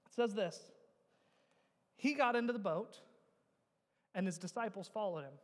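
A man in his thirties preaching with a high, ringing voice, pressing the congregation with rhetorical questions. He swings from loud urging down to hushed, heavy emphasis. The sound carries a long echo from a large church hall. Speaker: pastor. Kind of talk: sermon.

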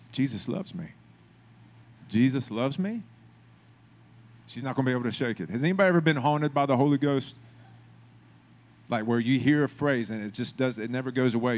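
A man preaching from the pulpit at a mid-range pitch. He talks it through in a relaxed, conversational way, then drives his points home with emphatic repetition. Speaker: pastor. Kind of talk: sermon.

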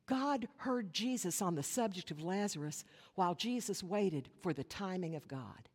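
A woman pastor delivering a sermon, earnest, with rhetorical questions and dramatic pauses. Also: mid-range voice. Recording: long hall reverb.

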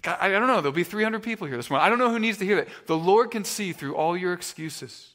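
A man preaching a sermon in a conversational way, often stumbling over and repeating his words, and telling stories with animated energy. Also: high voice, fast, big-room sound. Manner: conversational, stammering restarts, animated storytelling. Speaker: pastor. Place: church sanctuary.

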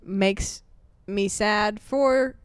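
A woman's voice: medium pitch, drawn-out words, smooth, no room sound. A woman co-hosting a podcast, chatting casually and laughing often. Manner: giggly, playful. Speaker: podcast co-host. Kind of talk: casual chat.

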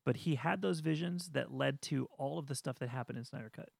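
A man co-hosting a casual podcast chat, ranting with animated energy and mocking studio executives in voiced asides. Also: mid-range voice, a little fast, creaky, slightly rough, no echo. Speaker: podcast co-host.

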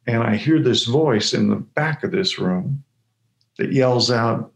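A man delivers a sermon-style story at an unhurried pace, stumbling and repeating words as he goes. His voice has a gravelly edge to it. The room around him sounds echoey. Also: mid-range voice. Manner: halting, repeats words, animated acted-out asides. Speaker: speaker.

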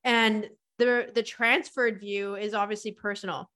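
A woman speaks as a podcast guest, explaining her ideas fluidly and with clear enthusiasm. Her tone is casual and conversational. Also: mid-range voice, flat delivery, measured pace, a bit bright. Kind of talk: casual interview chat.

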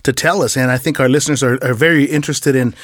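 A man's voice: medium pitch, fairly even intonation, quick pace, dry recording. Laid-back male co-host, dry close sound. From Michigan, USA. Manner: laid-back, laughs often. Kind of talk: casual interview chat.

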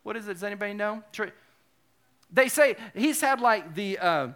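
A male pastor giving a sermon, animated and joking, with self-deprecating asides. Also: high voice, normal speed.

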